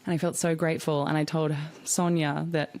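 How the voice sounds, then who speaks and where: A young woman with a low-pitched voice talks through a casual podcast monologue. She is candid and chatty, leans on fillers like "like" and "you know", and swears freely. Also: level tone, fairly quick, darkish tone. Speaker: podcast host.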